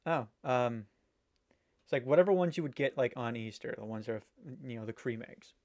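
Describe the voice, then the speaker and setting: A man's voice: mid-range voice, expressive, brisk. A man chatting casually while ranking candy, rambling and swearing now and then. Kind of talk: casual chat.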